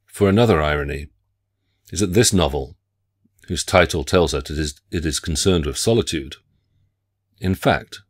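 A man delivering a scripted literature lecture in a measured, formal academic way. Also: sits low.

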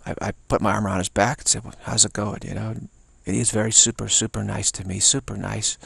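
A man from the United States speaks in a deeply gravelly, husky voice, repeating himself for emphasis and restarting sentences often. The sound is dry and close, with almost no room echo. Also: flat delivery, fast, fairly bright tone. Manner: repetitive, emphatic, many restarts. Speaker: speaker sharing personal views. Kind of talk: rambling spoken monologue.

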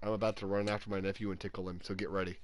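A man streaming live gameplay commentary into a headset mic, often yelling in frustration and laughing. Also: deep voice, flat delivery, very fast, background noise. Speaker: game streamer.

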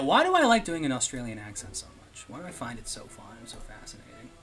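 A man's voice: mid-range voice, big pitch swings, brisk, few pauses, fairly bright tone. A man hosting a live stream, chatting casually and rambling, laughing often and dropping into murmurs and whispers. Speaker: streamer host.

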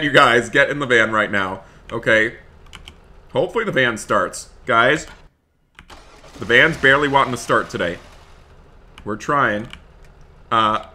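Bright, animated male gaming host. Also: mid-range voice. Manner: animated, keeps addressing viewers as guys, shouts for help in panic. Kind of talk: excited gameplay commentary.

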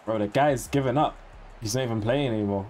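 A young man talking casually and excitedly over his football game, swearing and using slang as he reacts. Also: medium pitch, quick pace, slight background noise. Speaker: gaming YouTuber. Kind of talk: casual gameplay commentary.

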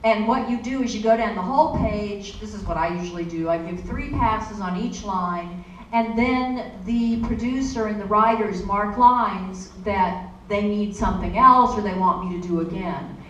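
A woman's voice: medium pitch, normal speed, muffled recording. A woman voice actor answering questions on a convention panel, chatty and storytelling with many asides. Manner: chatty, warm storytelling with frequent "you know". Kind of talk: panel Q&A talk. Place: convention hall. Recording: echoey hall from far off, faint noise.

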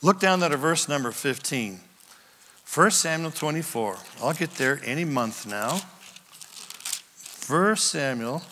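A man preaching a sermon as pastor, retelling scripture scenes with lively acted-out voices. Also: fairly high pitch, normal speed, in a large hall, slight background noise.

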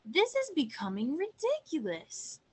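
Storybook goose, shrill and flustered, read by a woman, high and bossy. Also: huge pitch swings, a little slow, pushed and bright, full character voice. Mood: exasperated. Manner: shrill, exasperated.

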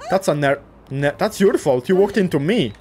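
A young man casually commentating a cute game, gushing, swearing lightly and talking to the characters, often jumping up into excited squeals. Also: on the high side, moderate pace, slight background noise. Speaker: gaming YouTuber.

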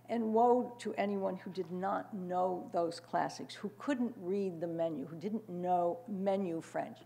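A woman's voice: fairly low pitch, creaky, mellow. An older woman giving a prepared panel talk in a wry manner, with frequent fillers and asides. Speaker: panel speaker.

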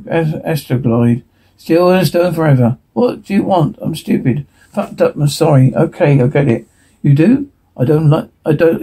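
A man reading a TV episode transcript aloud in a hurried way, stumbling and restarting words now and then. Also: fairly high pitch, mellow, breathy edge, rough recording. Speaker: reader.

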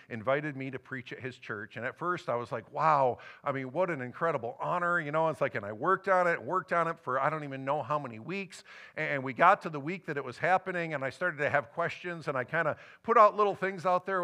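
A middle-aged man preaches from the pulpit of a church. His voice is bright and forceful and sits a little high for a man. He tells a personal story and swings between excited highs and hushed, quiet stretches. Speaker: pastor. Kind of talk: sermon. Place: church sanctuary.

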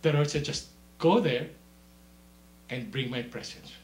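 A man preaching a sermon in an animated way, swinging from soft, low asides to loud, high-pitched exclamations and laughing as he tells stories. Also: unhurried, roomy sound.

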